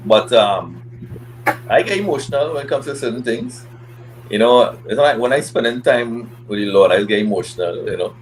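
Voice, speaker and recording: A man talking on a casual men's panel, relaxed and rambling with many restarts. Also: mid-range voice, normal speed, slight background noise, low-quality recording.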